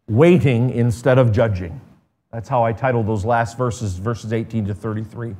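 A male pastor of medium pitch preaches to his congregation. He reads old-style scripture passages with building force. Between readings he turns soft and conversational and tells stories. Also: steady tone, moderate pace. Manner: reads scripture with rising intensity, then drops to quiet, conversational asides.

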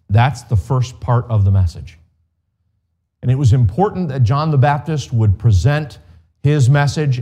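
Pastor, male: mellow, darker tone, earnest measured sermon delivery, speaks straight to the congregation. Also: mid-range voice. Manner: earnest, measured preaching with direct appeals to listeners. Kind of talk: expository sermon.

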